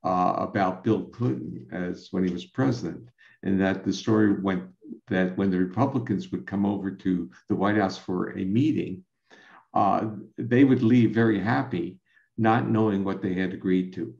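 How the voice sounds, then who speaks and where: Gravelly, low-voiced scientist explaining. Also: male voice, steady tone, darkish tone. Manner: measured, lecturing, with frequent restarts. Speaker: scientist guest. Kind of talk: explanatory conversation. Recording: roomy, dull lo-fi sound.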